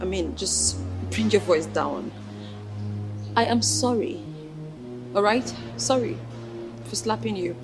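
A woman's voice: medium pitch, slow pace, long pauses, over music. A woman playing an overprotective mother who speaks sternly and commandingly. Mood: placating. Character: overprotective middle-aged mother, stern and proud. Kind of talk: Nollywood film acting. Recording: film score under dialogue.

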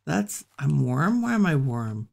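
A woman hosting a relaxed let's-play, musing aloud and chatting to the animals she meets in the game. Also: deep voice, unhurried, gravelly. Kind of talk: relaxed gameplay commentary.

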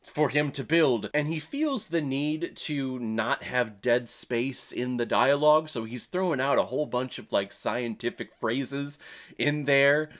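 A man's voice: medium pitch, a little slow, fairly bright tone. A young man giving a casual, enthusiastic movie review, laughing often.

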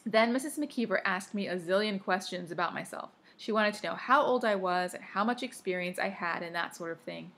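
A woman's voice: mid-range voice, a little fast, few pauses, fairly bright tone. A woman reading a first-person story aloud, dropping offhand asides of her own. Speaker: audiobook reader. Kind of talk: first-person audiobook narration.

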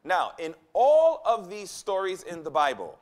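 Male preacher, high and animated, emphatic and repetitive, acts out quotes. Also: unhurried. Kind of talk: sermon. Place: conference hall.

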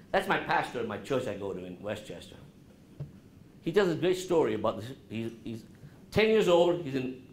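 A man speaks to a college class with a lively, swinging voice, asking the students questions and dropping low and soft to show calm. The sound is roomy, with faint noise in the background. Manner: animated, asks the audience questions, drops his voice low to show calm. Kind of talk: interactive talk to students.

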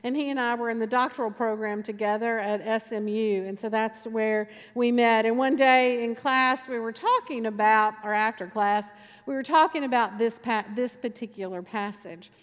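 A woman's voice: a little high, moderate pace. A woman pastor preaching a sermon in a conversational storytelling way, driving points home with emphatic repetition. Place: church sanctuary. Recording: long reverb in church sanctuary.

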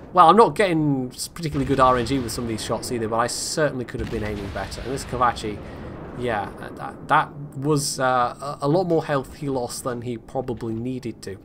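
A man's voice: medium pitch, a little fast, background noise. Rambling man commentating a game replay. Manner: rambling, self-critical, frequent restarts. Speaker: gameplay commentator.

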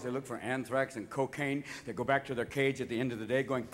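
A man's voice: medium pitch, fairly even intonation, heavy background noise. A man doing manic, profane stand-up comedy on a theater stage. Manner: manic, profane, rapid shifts of voice. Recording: live theater, audience laughter.

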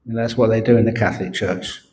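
At a meditation centre, a monk with a lowish, darkish voice speaks fast and fairly evenly in his morning dharma talk, with a slight hiss or hum on the recording. He's a joking storyteller who keeps laughing at his own humor.

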